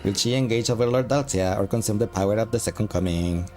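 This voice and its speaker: A man doing a cursing, monotone demon soldier. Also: on the low side, quick pace, soft background music, natural voice. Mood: commanding. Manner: flat monotone, swearing constantly. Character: bitter, guilt-ridden male demon soldier. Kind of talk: game dialogue read aloud.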